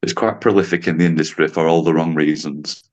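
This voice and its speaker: A man, a podcast guest and driving instructor telling a story in a lively, casual way, acting out what people said and laughing often. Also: rumbling low, brisk. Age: 50s. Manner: animated storyteller, acts out quotes, laughs often.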